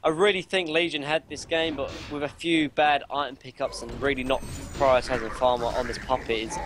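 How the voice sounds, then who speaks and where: A hoarse young man giving color commentary on a live esports match, rambling through his analysis with lots of fillers. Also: medium pitch, fairly even intonation, fairly quick.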